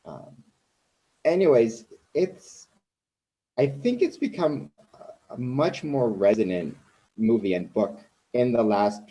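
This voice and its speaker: A man's voice: mid-range voice, animated, slow pace, long pauses, mellow, poor audio. A man hosting a conversational interview who talks in a rambling, self-deprecating way. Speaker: podcast host.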